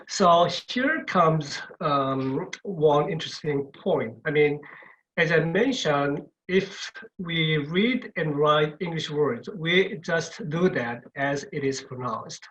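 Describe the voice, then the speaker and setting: Slow-speaking male lecturer, dull audio. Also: a little high, a bit bright. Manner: repeats words and checks in with "okay". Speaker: university lecturer. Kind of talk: online webinar lecture.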